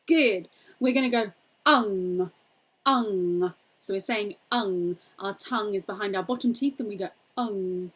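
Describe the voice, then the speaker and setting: A young woman singing teacher leading a cheerful, encouraging warm-up lesson, demonstrating vocal exercises. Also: mid-range voice, moderate pace, slightly rough.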